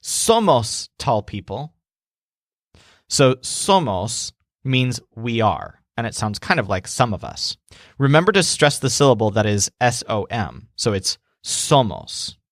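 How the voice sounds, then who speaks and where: A man teaching a language lesson, telling a scripted mnemonic story and clearly explaining words and syllables. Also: medium pitch, animated, unhurried, fairly bright tone, dry recording, studio quality.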